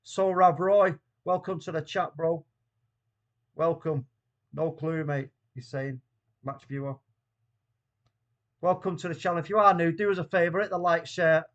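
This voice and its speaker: A man hosting a live football watchalong stream. He chats with viewers in slang and swings from loud disbelief to low, weary muttering. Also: muffled recording. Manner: chatty, greets viewers by name with slang. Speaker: host of a fan watchalong stream.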